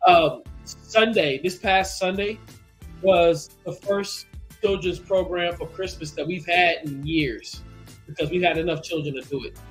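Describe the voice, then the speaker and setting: Higher-voiced pastor talking in halting bursts. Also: male voice, soft background music. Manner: rambling, halting, with many restarts. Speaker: pastor and co-host. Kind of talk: casual radio show chat.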